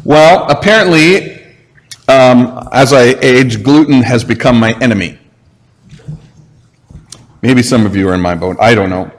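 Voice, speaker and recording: A man's voice: medium pitch, a little slow, long pauses, big-room sound. A pastor in his forties giving a conversational sermon, asking the listeners rhetorical questions. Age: 40s.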